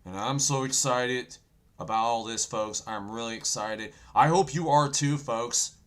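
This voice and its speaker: A man of middling pitch who talks with a sore throat. He gives loud, excited, off-the-cuff end-times commentary, now and then yelling, and keeps calling his listeners "folks". His energy rises and drops as he stops to look something up. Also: unhurried. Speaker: host of an end-times prophecy channel. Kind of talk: excited end-times commentary while browsing news articles.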